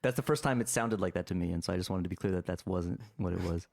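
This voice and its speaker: A man with a lowish voice hosts a casual podcast. He rambles and jokes, with many fillers and false starts. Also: fast, vocal fry, a little mellow. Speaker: podcast host. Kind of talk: casual chat.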